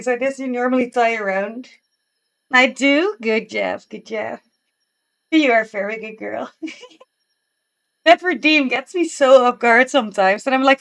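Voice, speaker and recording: A woman's voice: fairly high pitch, a bit bright. Sleepy, giggly woman streamer. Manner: chatty and giggly, talking to chat and her pet. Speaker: Twitch streamer. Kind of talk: casual live-stream chat.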